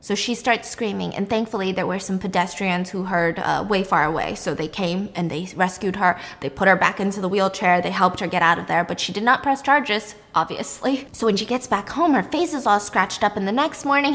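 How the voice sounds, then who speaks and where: A young woman recapping a show in a casual, animated, chatty way, acting out the drama as she goes. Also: mid-range voice, moderate pace, few pauses. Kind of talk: casual chat. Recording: long reverb.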